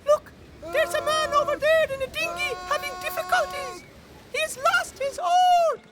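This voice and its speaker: A man voicing a small, cheerful, excitable male tractor in a squeaky cartoon voice. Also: measured pace. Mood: excited.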